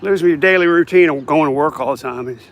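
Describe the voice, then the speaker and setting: Walking along a residential road, a man vlogs to his audience in a slightly high, fast voice, rambling on in a chatty way. He seems worn out, yawning as he goes, with passing cars and traffic audible behind him.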